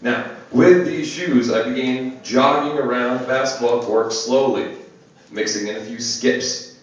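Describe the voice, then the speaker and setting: Young man, deadpan stand-up comic, heard from across the room, very echoey phone video. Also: medium pitch, measured pace, slight background noise. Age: young adult. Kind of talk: stand-up set. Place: small comedy venue. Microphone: phone camera across the room. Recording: distant echoey phone video of a club set. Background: audience laughter.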